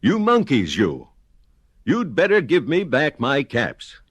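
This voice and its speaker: A man's voice: sits high, level tone, extremely slow, a bit bright, smooth, no echo, voice pushed up, full character voice. A man doing a scolding cap peddler. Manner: scolding, shaking a finger. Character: frustrated old cap peddler, growing angry.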